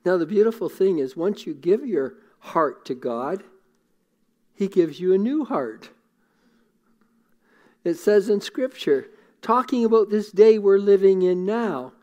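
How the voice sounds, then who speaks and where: A middle-aged man preaches a sermon in a high-pitched voice. He is earnest and emotional, repeats his phrases for weight, and sometimes drops to a near hush. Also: expressive, a little slow, pauses often. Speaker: pastor.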